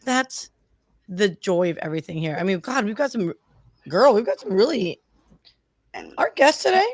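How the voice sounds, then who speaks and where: A woman's voice: mid-range voice, big pitch swings, moderate pace, no echo, studio quality. A woman co-hosting a livestream, bubbly and chatty in a casual way. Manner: bubbly, chatty, calls people girl. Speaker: co-host.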